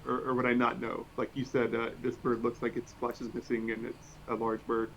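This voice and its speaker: A man's voice: medium pitch, monotone, fairly quick, a bit bright. Eager male player on a dull mic. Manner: eager, thinking aloud with many fillers. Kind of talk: casual tabletop game chat. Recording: dull lo-fi mic, faint hiss.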